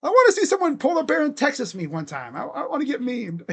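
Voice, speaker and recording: Excitable high-voiced man calling plays. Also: fast talker. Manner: excitable, swears casually, laughs often. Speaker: live play-by-play streamer. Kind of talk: casual play-by-play commentary.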